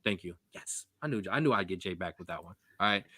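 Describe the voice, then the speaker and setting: A young man co-hosting a sports podcast, talking in a rambling, jokey, animated way. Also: low-pitched, fast, breathy edge. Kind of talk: casual sports chat.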